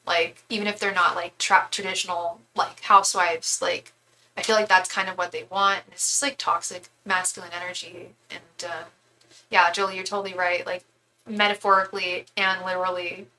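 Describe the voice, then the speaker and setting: A young woman chats through a live tarot reading in a bright, forward voice. She talks frankly and thinks aloud, often restarting her sentences. A faint hiss sits under the voice. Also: lowish voice, level tone, moderate pace, low-quality recording. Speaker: tarot reader. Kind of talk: casual live-stream reading.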